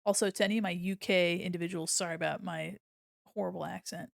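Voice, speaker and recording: A woman's voice: on the low side, steady tone, fast talker, vocal fry, dry recording, studio quality. A woman streaming her drawing session, chatting casually and giggling while she explains each step. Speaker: art streamer. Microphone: desk microphone.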